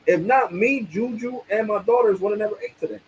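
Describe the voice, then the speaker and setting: A man's voice: high-pitched, fairly quick, slight background noise, rough recording. A man ranting angrily on his livestream, swearing often and using casual streetwise slang. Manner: angry, profane ranting.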